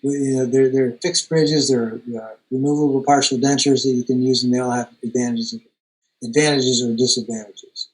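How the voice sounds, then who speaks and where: A man's voice: medium pitch, level tone, rough recording. A man, a holistic dentist, answering questions in an online Q&A, often repeating and restarting words as he explains. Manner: halting, repeats words, tells anecdotes. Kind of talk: online Q&A interview.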